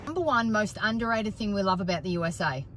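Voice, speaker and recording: A woman's voice: medium pitch, lively intonation, fast, noisy background. An enthusiastic, talkative Australian woman chatting casually to camera.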